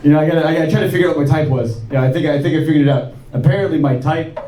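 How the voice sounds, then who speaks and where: A man doing a stand-up comedy set, self-deprecating, with quick asides and acted-out quoted voices. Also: on the high side. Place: comedy club stage before a laughing audience. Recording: echoey live room with crowd noise.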